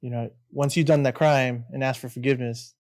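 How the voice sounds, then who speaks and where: A young adult man co-hosting a faith podcast, speaking sincerely and in a measured way, often pausing to search for his words. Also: medium pitch, fairly even intonation, a little mellow. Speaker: podcast co-host. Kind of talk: casual faith podcast chat.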